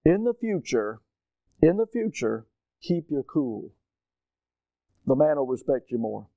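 A man voicing a quiet, calm older man who gives gentle, measured advice. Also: mid-range voice, vocal fry, no echo, lo-fi sound, pitched below the performer's own voice. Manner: soft, hushed and measured.

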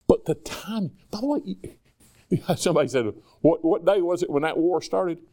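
A man's voice: a little high, normal speed, dark tone. A man preaching a sermon in a conversational way, acting out dialogue between people and God. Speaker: pastor.

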